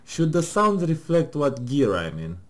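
A man's voice: a little high, huge pitch swings, a little slow. Man, casual gamer, jokey, laughs often, swears, mock-serious read-aloud tone. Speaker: gamer playing with partner. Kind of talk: casual gaming commentary, reading game text aloud.

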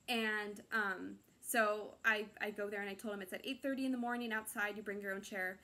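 A woman's voice: medium pitch, fairly even intonation, sharp tone. A woman casually sharing a personal faith testimony, rambling with lots of "like"s and quoting her own thoughts. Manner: rambling, filler-heavy storytelling with many "like"s; acts out her own inner voice in quick quoted asides.

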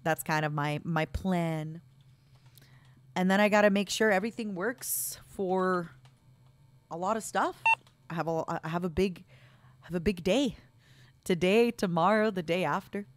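A woman's voice: lowish voice, measured pace, pauses often, no room sound. A young woman streaming a game, chatting casually with viewers and thanking them in a playful, chatty way. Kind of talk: casual live-stream chat while gaming.

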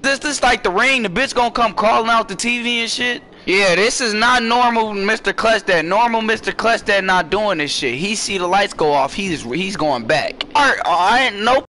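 Young guy yelling and cussing through a scary game, high bright voice, jumps all over the place. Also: normal speed, few pauses, a little hiss or hum. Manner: profane, excitable, jumpy with screams. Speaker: gaming streamer. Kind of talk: horror gameplay commentary.

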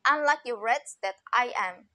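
A woman voicing a cruel, grumbling male carter in a storybook tale, with loud, scornful outbursts. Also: fairly high pitch, animated, measured pace. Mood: despairing.

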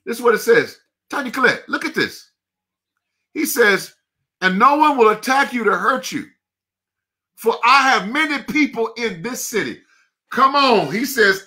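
A male pastor giving a fervent devotional sermon, calling out to listeners by name and now and then breaking into shouts. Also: very high voice.

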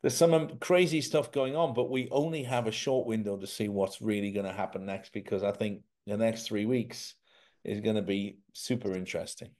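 A man co-hosting a casual chat, animated and fond of telling stories by acting out quoted voices. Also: fairly low pitch, normal speed. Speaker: co-host.

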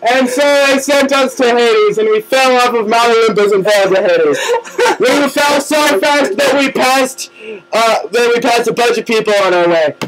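A man's voice: very high voice, moderate pace. A young man making up a goofy, rambling story with a friend. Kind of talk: improvised joking storytelling. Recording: loud mic noise, crackly home recording.

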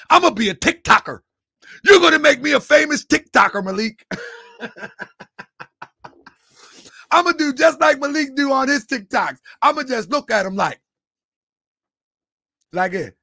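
A man's voice: very high voice, vocal fry, sharp tone, husky, no echo, clean studio sound. A man giving a mocking reaction commentary, laughing often and lecturing in a taunting, preachy way. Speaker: online commentator.

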